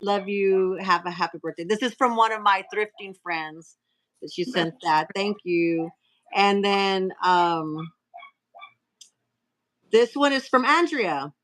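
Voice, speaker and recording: A woman hosting a casual live stream, reading out cards and messages in a chatty way with filler pauses. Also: medium pitch, a bit bright, low-quality recording.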